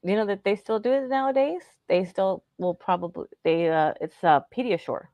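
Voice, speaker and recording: A woman co-hosting a podcast in casual chat, chatty and quick to laugh. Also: medium pitch, dark tone, no room sound. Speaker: podcast co-host.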